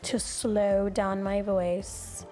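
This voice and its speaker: A young adult woman hosting a podcast, telling stories in a casual, animated way and acting out other people's voices. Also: medium pitch, drawn-out words, soft background music. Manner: animated storyteller who acts out voices. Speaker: podcast host.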